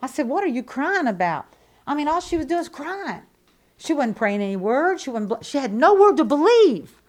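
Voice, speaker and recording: Emphatic, fairly high-voiced woman preaching a sermon. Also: very animated, moderate pace. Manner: emphatic, repetitive, swinging between loud declarations and quiet asides; conversational and folksy, with restarts and rhetorical questions.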